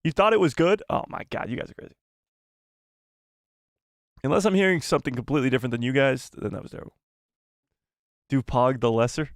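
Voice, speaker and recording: Gravelly, joking live-stream host. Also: male voice, medium pitch, fairly quick, pauses often, no echo, studio quality. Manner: self-deprecating, jokey and rambling. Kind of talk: casual live-stream chat reading viewer messages. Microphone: close desk microphone.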